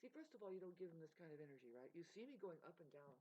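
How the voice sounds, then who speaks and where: A woman ranting to her viewers, rambling and swearing as she swings between loud outbursts and low mutters. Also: very animated, rapid-fire. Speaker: vlogger. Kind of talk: emotional unscripted rant to camera. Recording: dull lo-fi recording.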